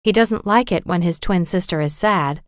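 A woman narrating a storybook for English learners with a clear, measured, carefully articulated reading. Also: fairly low pitch, dry recording, clean studio sound.

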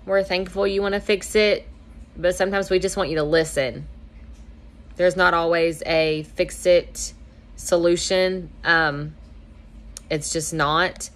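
Young woman host, lowish voice, chatty, acts out bits of dialogue. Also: steady tone, measured pace. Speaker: host giving marriage advice. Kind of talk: casual advice talk.

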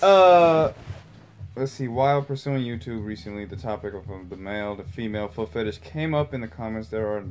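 A man hosting a casual chat with friends, reading out an article haltingly with fillers. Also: lowish voice, lively intonation, darkish tone, rough recording. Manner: reads aloud haltingly with fillers and skips text. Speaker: podcast host.

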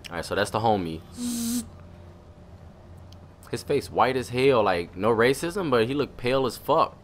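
A young man doing profane, excitable let's-play commentary. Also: mid-range voice, a little fast, a little hiss or hum. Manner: profane, excitable trash talk. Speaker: gamer commentator.

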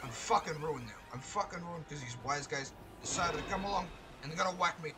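A man commentating live on his gameplay, excitable and swearing, breaking into loud shouts and tossing out mock tough-guy mobster slang. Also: fairly high pitch, a little fast, over music. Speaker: let's play host.

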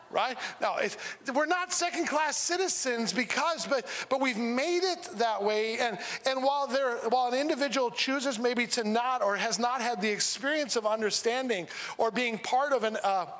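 High-voiced pastor in a reverberant church. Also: male voice, a bit bright. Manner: conversational, humorous, with frequent restarts. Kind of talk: sermon. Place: church sanctuary.

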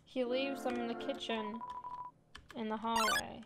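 A woman's voice: a little high, steady tone, a little slow, long pauses. A woman hosting a let's play, chatting casually and playfully while reading game text aloud over game music. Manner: playful, reads game text aloud, calls viewers fam. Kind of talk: casual gaming commentary.

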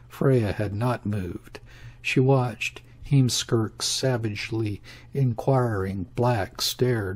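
Male audiobook reader, husky, slow and measured. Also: mid-range voice. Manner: slow, measured, even reading. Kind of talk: scripted literary narration.

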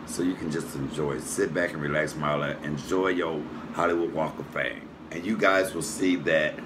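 A man, a comedian hosting his channel, giving a warm, rambling tribute with fillers and self-corrections. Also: rumbling low, moderate pace. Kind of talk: casual tribute to camera. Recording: steady background noise hum.

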